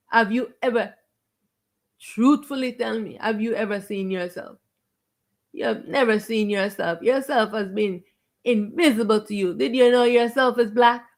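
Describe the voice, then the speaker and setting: High-voiced woman preaching emphatically. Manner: emphatic and confrontational, stretching stressed words and repeating phrases. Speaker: spiritual teacher. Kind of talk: preaching to viewers on a live stream.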